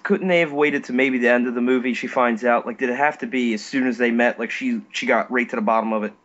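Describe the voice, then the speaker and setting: A man on a casual podcast panel talks with animated energy, swearing freely and calling everyone dude. His voice sits at a middle pitch. The recording is dull and lo-fi. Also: fast talker. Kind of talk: casual roundtable chat. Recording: dull lo-fi mic.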